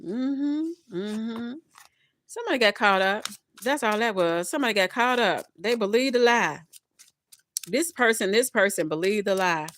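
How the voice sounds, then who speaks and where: A woman giving a casual tarot reading to her viewers, chatty and expressive, often laughing and speaking to spirit. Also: mid-range voice, measured pace, a little hiss or hum. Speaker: tarot reader.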